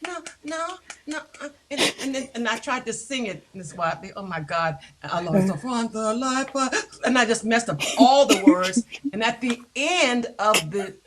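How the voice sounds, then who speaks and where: A woman's voice: a little high, moderate pace, crowd noise. An older woman from the United States, a singer and author, chatting as an interview guest, telling stories with laughs and hesitant fillers. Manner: animated storyteller, laughs often, hesitant fillers. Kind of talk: casual interview chat.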